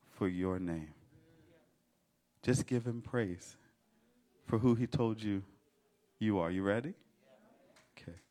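Slow, fervent male preacher. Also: on the low side, a little mellow. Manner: rhythmic, fervent litany with call-and-response. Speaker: pastor. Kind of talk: sermon.

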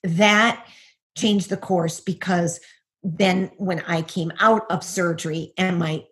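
A woman's voice: on the low side, steady tone, slow, a bit bright. A middle-aged woman, a guest, giving a personal testimony over a video call, earnest and full of rhetorical questions.

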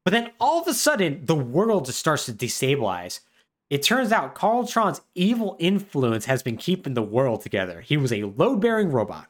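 A man co-hosting a podcast, casually retelling a game's plot and slipping into quick voices for the characters. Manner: animated, lively pitch, puts on brief voices for characters. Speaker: podcast co-host.

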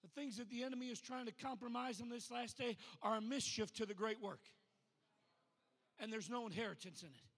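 A man, a pastor, preaching a sermon. He talks plainly at times and builds to loud, rhythmic preaching at others. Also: very high voice, brisk, long reverb tail.

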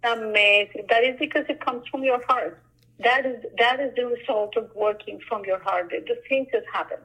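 A woman artist who works on murals, talking casually and telling stories in an animated way, often acting out the lines people said to her. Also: fairly high pitch, moderate pace, poor audio. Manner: animated storyteller, acts out quoted dialogue. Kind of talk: casual conversation.

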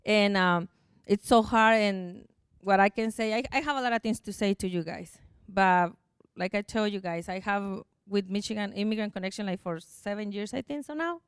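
Earnest Mexican-accented woman, very clear voice. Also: mid-range voice, normal speed, no room sound, clean studio sound. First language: Spanish. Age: middle-aged. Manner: emotional, earnest, non-native grammar. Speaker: church testimony speaker. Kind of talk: personal testimony to a congregation. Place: church.

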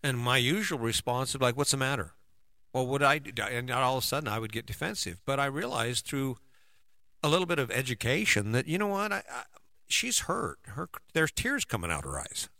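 A man's voice: medium pitch, very animated, fairly quick, vocal fry, bright, forceful tone, no echo. A middle-aged man giving a conversational motivational talk as a relationship coach, often checking in with "right?". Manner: conversational, keeps asking "right?".

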